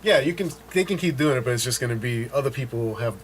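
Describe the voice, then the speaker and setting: A man's voice: mid-range voice, animated, quick pace, slight background noise. A man hosting a casual podcast, easygoing and explaining news items to his co-host.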